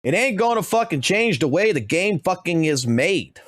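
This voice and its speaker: A man's voice: high-pitched, very animated, moderate pace, fairly bright tone, dry recording, studio quality. A man streaming a game, ranting heatedly about spending and swearing constantly. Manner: heated, heavily profane ranting. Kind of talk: ranting reaction commentary.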